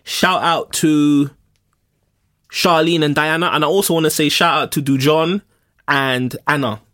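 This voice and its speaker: A man from North London with a London accent, co-hosting a podcast and telling a story in casual, slangy chat full of shout-outs. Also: a little high, steady tone, a little slow. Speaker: podcast co-host.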